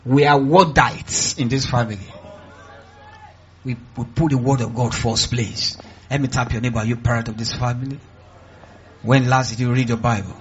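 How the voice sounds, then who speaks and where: A male pastor with a Nigerian accent delivering a sermon in church, emphatic and call-and-response, swinging from quiet asides to loud cries. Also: mid-range voice, moderate pace, slightly rough, muffled recording.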